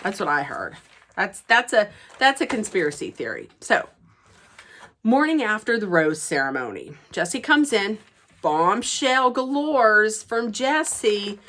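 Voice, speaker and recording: A very animated woman with a mid-range, fairly bright voice and moderate pace chats casually through a reality show recap. Her telling is gossipy, and she acts out every quote.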